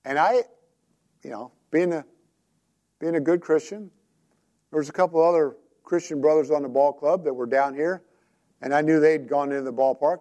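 A man's voice: a little high, normal speed, long pauses, dark tone. A man preaching a sermon in a conversational, storytelling way, often asking his listeners direct questions.

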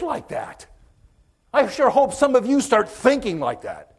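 A man preaching a conversational sermon, folksy and direct with his listeners, swinging from loud emphasis to hushed, whispered moments. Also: very high voice, wildly swooping pitch, a little slow, breathy edge. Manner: folksy, direct, addresses listeners with okay and amen.

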